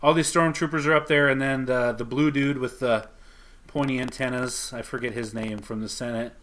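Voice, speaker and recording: A man talking casually on a podcast, his voice at an ordinary middle pitch. He rambles through a comic recap, stopping often to quote what the characters say. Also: fairly even intonation, moderate pace, a bit bright. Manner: rambling, retells scenes with quoted lines. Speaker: podcast co-host.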